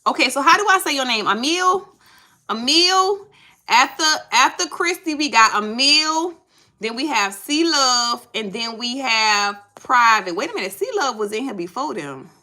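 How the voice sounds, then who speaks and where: A woman's voice: fairly high pitch, expressive, normal speed, bright, forceful tone, poor audio. A woman reading tarot on a live stream, chatting casually with viewers and repeating herself as she sorts out names. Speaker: tarot reader.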